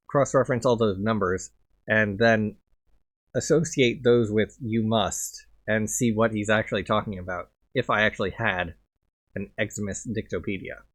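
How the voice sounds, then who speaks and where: A man doing casual let's play commentary, thinking aloud and muttering as he plays a video game. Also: lowish voice.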